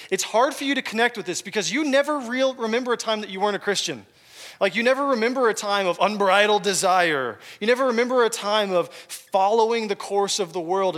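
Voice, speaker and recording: A young man with a notably high voice preaches a sermon. He talks earnestly and with emphasis, sinking low and quiet on the key phrases. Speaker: pastor.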